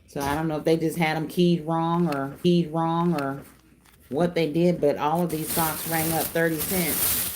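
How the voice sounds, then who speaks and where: Middle-aged woman host, folksy and chatty, slightly low voice, faint hiss underneath. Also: fairly even intonation, moderate pace. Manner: chatty, folksy, calls viewers y'all and darling. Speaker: craft channel host. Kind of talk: casual livestream chat reading comments.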